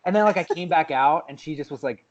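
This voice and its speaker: Male podcast co-host, animated storyteller, a bit high, muffled home recording. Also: fast talker. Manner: animated storytelling, swearing, laughing. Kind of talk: casual chat. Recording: dull lo-fi podcast audio.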